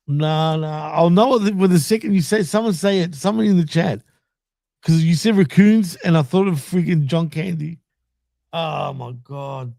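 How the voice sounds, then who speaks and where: A man's voice: a little high, normal speed, vocal fry, dark tone, no echo, clean studio sound. A man co-hosting a casual wrestling podcast, recapping episodes in a laid-back way, laughing often and swearing freely. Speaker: podcast co-host.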